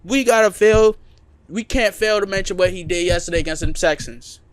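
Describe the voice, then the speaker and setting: Podcast co-host, male, slightly high pitch, insistent and repetitive in debate. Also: a little fast, dry recording. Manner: emphatic, repeats points for emphasis. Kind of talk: casual sports debate.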